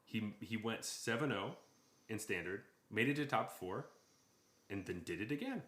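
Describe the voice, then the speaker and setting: A man chats casually as a podcast co-host, his voice sitting on the low side. He gets excitable and laughs easily. The recording has a noticeable room echo. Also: normal speed. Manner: excitable, enthusiastic, laughs often. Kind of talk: casual chat.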